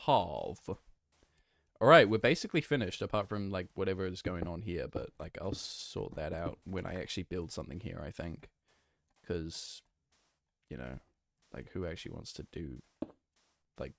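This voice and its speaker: A deep-voiced man with vocal fry plays a block-building game on stream. He rambles in a relaxed way while answering his chat, dropping lots of fillers and self-corrections.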